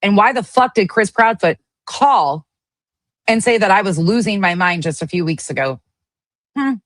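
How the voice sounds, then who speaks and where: A woman's voice: medium pitch, animated, normal speed, no room sound. A woman giving heated livestream commentary, ranting angrily and swearing often. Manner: angry, profane ranting. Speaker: online drama commentator.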